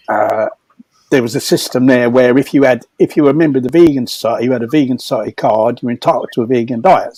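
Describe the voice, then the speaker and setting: The rough recording catches an older man with a slightly high, darkish voice and a breathy edge. As a storyteller at a comedy fundraiser, he casually rambles through anecdotes about prison, repeating words and laughing along the way.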